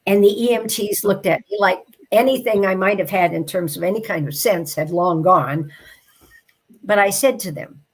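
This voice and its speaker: A woman, an interview guest, telling a personal story in a heartfelt, reflective way and slowing down at the emotional moments. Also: mid-range voice, husky.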